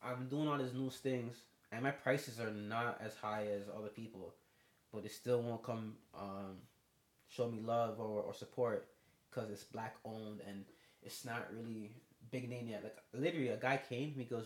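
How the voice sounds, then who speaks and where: On a podcast, a young male co-host with a mid-range voice and moderate pace tells stories in a casual chat, acting out every party's lines with energy. Roomy echo colors the sound.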